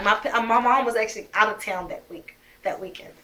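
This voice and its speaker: A woman's voice: mid-range voice, brisk, few pauses, sharp tone, slight background noise. A young woman telling her own story as a mother, emphatic and heated, swearing often. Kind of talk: emotional personal storytelling.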